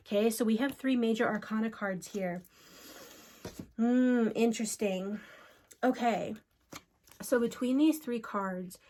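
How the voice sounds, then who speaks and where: A woman giving a solo spiritual card reading, speaking in an earnest, unhurried way and calling out to unseen spirits. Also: mid-range voice, darkish tone.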